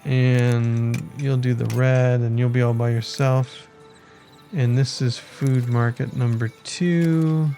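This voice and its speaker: A man's voice: mid-range voice, fairly even intonation, slow, dark tone, soft background music. A man giving casual commentary on his city-building game, thinking aloud and chatting to his villagers as he plays. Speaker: let's play gamer.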